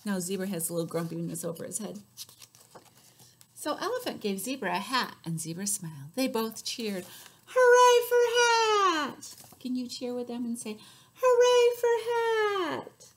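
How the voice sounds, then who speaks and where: A woman librarian leading a children's story time, reading aloud with sing-song rhymes, loud cheers and whispered asides. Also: mid-range voice, animated, moderate pace, a little hiss or hum.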